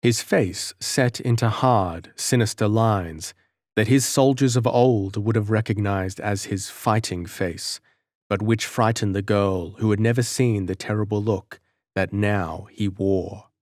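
A man narrating an audiobook in a measured storytelling manner. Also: lowish voice, steady tone, darkish tone, no echo, studio quality. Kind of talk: scripted narration.

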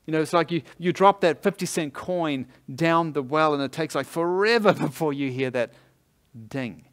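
A man's voice: a little high, fairly bright tone. A male pastor giving a conversational sermon, laughing easily and leaning on sports analogies.

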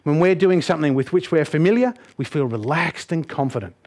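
A man giving a humorous, animated motivational presentation and putting on voices for his stories. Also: fairly high pitch, fairly quick. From Australia. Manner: jokey, animated, puts on voices. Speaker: motivational speaker.

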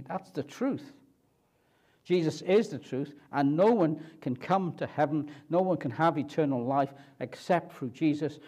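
A man preaching a sermon at a church, asking and answering questions slowly and deliberately. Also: fairly high pitch, mellow.

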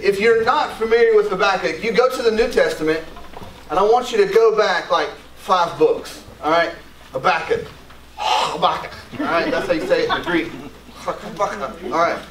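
A man with a high voice preaches a sermon with eager, conversational energy, often pausing to get the congregation to answer him. The sound is roomy and picked up from some distance, with a faint hiss of background noise. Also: fairly bright tone. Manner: enthusiastic, conversational, calls for congregation responses. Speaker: pastor. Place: church sanctuary.

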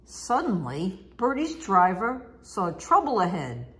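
Slow, expressive woman reading a storybook. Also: medium pitch. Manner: slow, expressive, sing-song. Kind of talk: storybook read-aloud.

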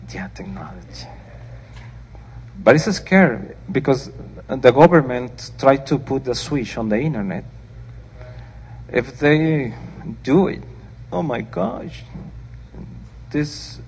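An older pastor with a mid-range, slightly mellow voice preaches plainly and earnestly in a church sanctuary, dropping informal asides between scripture readings. The hall's reverb and slight background noise come through.

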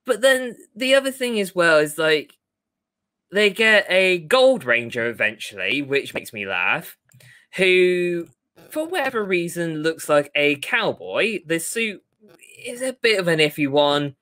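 Man, casual podcast co-host, animated storyteller, bright tense voice. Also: fairly high pitch, unhurried. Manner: animated, retells scenes with put-on quotes. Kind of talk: casual chat.

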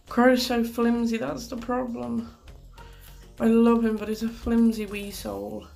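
A woman's voice: on the high side, little pitch movement, unhurried, gravelly, darkish tone, soft background music. Chatty woman commentating gameplay. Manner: chatty, exasperated, sprinkles mild swearing. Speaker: gaming commentator.

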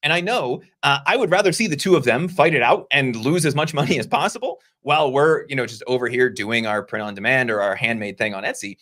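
A man co-hosting a casual discussion show, explaining points in a conversational way with quick asides. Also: medium pitch, fairly bright tone. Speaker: podcast co-host.

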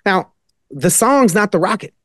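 A man's voice: high-pitched, lively intonation, moderate pace, pushed and bright, no room sound, studio quality. Rambling, emphatic man talking. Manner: rambling, many fillers and restarts, emphatic. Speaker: guest. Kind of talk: casual podcast talk, storytelling.

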